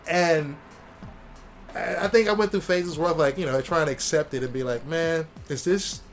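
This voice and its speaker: A middle-aged man who works as a comic artist, talking casually in a rambling, profane, animated way. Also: a little high, fairly quick, faint music behind. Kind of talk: casual chat.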